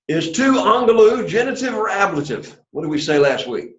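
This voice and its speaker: A man's voice: high voice, big pitch swings, a little fast, few pauses, a bit bright. A man teaching an introductory Greek class, patiently drilling students after opening with a prayer. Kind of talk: classroom lesson. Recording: echoey room, dull lo-fi sound.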